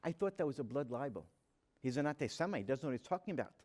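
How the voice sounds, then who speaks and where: A rabbi tells an audience a personal story in an earnest, dramatic manner, acting out the dialogue he quotes. His mid-range voice is expressive and darkish, and he talks rapid-fire.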